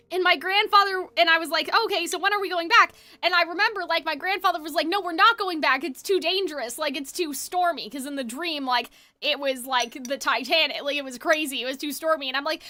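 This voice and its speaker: A young woman streamer telling a long story in casual chat, rambling and animated with many fillers. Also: sits high.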